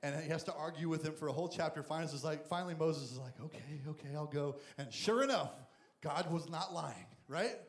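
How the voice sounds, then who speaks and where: A man preaching a lively sermon as a youth pastor, animated and jokey, acting out Bible characters as he goes. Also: fairly high pitch, a little fast. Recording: echoey room.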